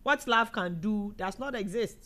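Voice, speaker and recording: A young woman with a Ghanaian accent hosting a casual live show, reading out viewer comments in a chatty, animated way and laughing often. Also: medium pitch, normal speed.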